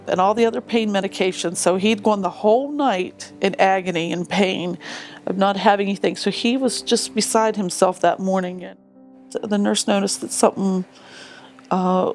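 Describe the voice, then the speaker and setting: Woman telling her story in an interview, gravelly, keeps restarting, faint music behind. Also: mid-range voice, darkish tone. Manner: halting, repeats "he said" and restarts. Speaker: widowed mother interviewed. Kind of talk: recounting a personal story in an interview.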